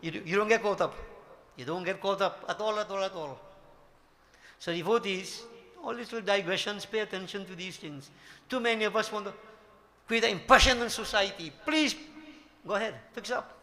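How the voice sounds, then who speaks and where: A man's voice: high-pitched, normal speed, long pauses, pushed and bright. An older man gives a devotional sermon, emphatic and full of rhetorical questions to his devotees. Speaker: Hindu spiritual teacher.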